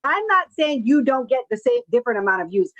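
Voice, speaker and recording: A woman on a streamed debate panel keeps cutting in to clarify her point. Her pitch moves a lot as she insists. The sound is dull and lo-fi, with a dry feel. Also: very animated, quick pace, no echo.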